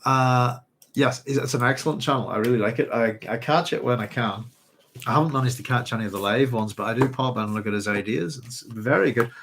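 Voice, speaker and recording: A man's voice: mid-range voice, fairly quick, a bit bright, a little hiss or hum. A man hosting a live chat, rambling and hesitant as he reads out viewer comments. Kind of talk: casual live-stream chat.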